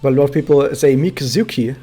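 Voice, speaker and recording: A man's voice: mid-range voice, fairly quick, dark tone. Chatty German man streaming a game. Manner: chatty, rambling, self-correcting. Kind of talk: casual live-stream commentary.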